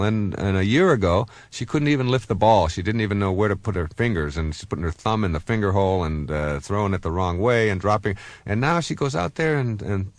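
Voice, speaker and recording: This fifties-aged self-help author speaks in a rather low voice, recorded with no room sound. His motivational talk is chatty and built on personal anecdotes, full of fillers and restarts.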